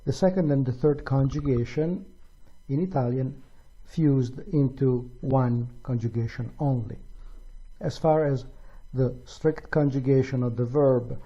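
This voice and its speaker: A man teaching a grammar lesson slowly and deliberately, pronouncing each example with care. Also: mid-range voice, mellow, breathy edge, lo-fi sound. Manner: slow, deliberate, careful pronunciation of examples. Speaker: language teacher. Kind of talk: slow explanatory grammar lesson.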